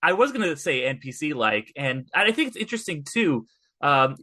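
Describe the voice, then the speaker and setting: A man's voice: fairly high pitch, big pitch swings, moderate pace, sharp tone. A man guesting on a movie podcast, chatting casually and eagerly chiming in to agree. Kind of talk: casual movie review chat.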